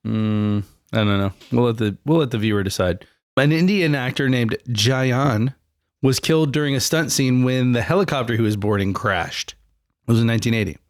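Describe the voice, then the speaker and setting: A man with a mid-pitched voice reads out facts for a podcast and trades dry, understated remarks. The sound is close and dry, with no room echo. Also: normal speed. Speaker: podcast co-host. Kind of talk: casual chat, reading facts.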